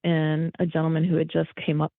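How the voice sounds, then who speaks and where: A woman guest in a casual interview, telling her story in an animated, emotional way. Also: low voice, brisk, no room sound. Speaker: guest, thru-hiker. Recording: tinny phone-like line.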